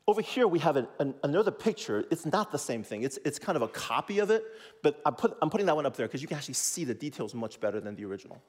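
Animated male pastor in an echoey hall. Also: on the high side. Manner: animated, teaching with call-and-response. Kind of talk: sermon.

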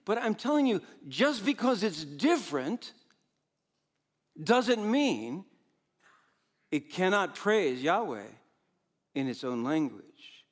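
An older man preaching a sermon as pastor, animated, swinging between loud exclamations and soft asides, with frequent laughs. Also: high-pitched, slow, long pauses.

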